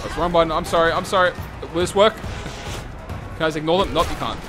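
A young man commentating on gameplay, yelling, swearing and laughing, going hoarse. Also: fairly high pitch, fairly quick, over music. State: hoarse from screaming. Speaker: gaming video host.

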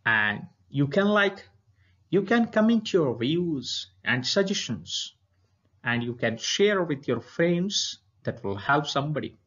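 A man with an Indian English accent, an English teacher reading a story aloud deliberately and then addressing his students. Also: fairly high pitch, sing-song, fairly bright tone, highs cut off. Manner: clear, deliberate reading with stress and intonation.

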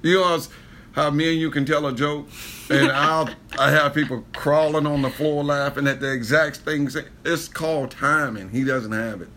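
Bright, blunt male reaction host. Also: fairly high pitch, normal speed, a little hiss or hum. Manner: blunt, animated critiquing banter. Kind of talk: casual reaction chat.

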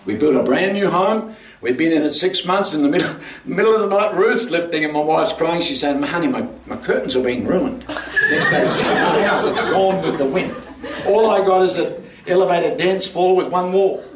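An older man, preaching an animated sermon that he tells as a story, laughing as he goes. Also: sits high, moderate pace, a little hiss or hum. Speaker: pastor. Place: church. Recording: roomy church sound from a distant mic.

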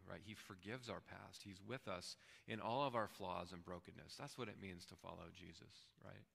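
A man pastor preaching a sermon in a relaxed, conversational way, often checking in with his listeners. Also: low voice, moderate pace, vocal fry, long reverb tail. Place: church sanctuary.

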